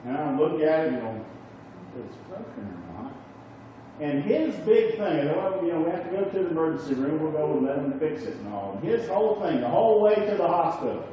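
A man's voice: on the high side, sing-song, a little fast. A middle-aged man preaching a sermon in a conversational way, often checking in with his listeners. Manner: conversational, asks the audience "okay?" and "right?". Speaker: pastor. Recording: echoey room from far off, dull and noisy.

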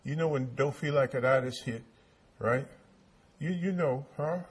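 A man's voice: medium pitch, unhurried, breathy edge. A man preaching a sermon, repeating his points and asking the congregation rhetorical questions. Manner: repetitive call-and-response preaching with rhetorical questions.

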